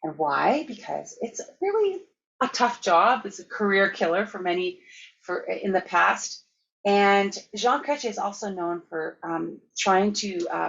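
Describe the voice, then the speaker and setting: A woman from Canada tells lively stories at a conference, laughing as she goes. Her voice sits a little low, and the recording sounds slightly muffled. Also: vocal fry, a little hiss or hum. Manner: lively, laughing anecdotes with acted-out quotes. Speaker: keynote speaker. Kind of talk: storytelling conference talk.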